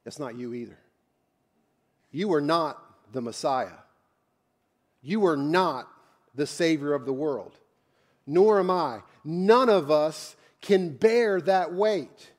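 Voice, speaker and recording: High-voiced pastor preaching with blunt humor. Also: male voice, animated, slow pace, pauses often. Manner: conversational and joking, with blunt asides. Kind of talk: sermon. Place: church.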